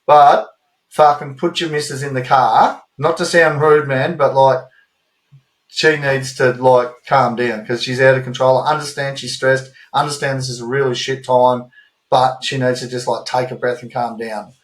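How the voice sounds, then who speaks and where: A man's voice: medium pitch, level tone, moderate pace, poor audio. Rambling Australian man telling a yarn. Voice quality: swears freely and talks in loose rambling asides. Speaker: podcast co-host. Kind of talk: casual storytelling chat.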